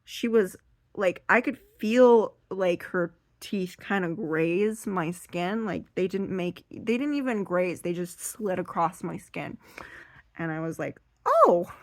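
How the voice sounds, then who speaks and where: A woman telling a rambling, self-deprecating stand-up story while seated, now and then bursting into loud high acted voices, her voice a little strained. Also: slow pace, no echo. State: strained voice from being too loud. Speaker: stand-up comedian.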